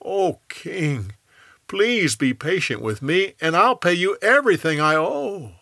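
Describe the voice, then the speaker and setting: Greedy ungrateful debtor, raised voice, forceful, storybook, voiced by a man. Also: high-pitched, animated, slow, vocal fry, dry recording, studio quality, pitched above the performer's own voice, exaggerated voice. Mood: begging. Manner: pleading, then harsh.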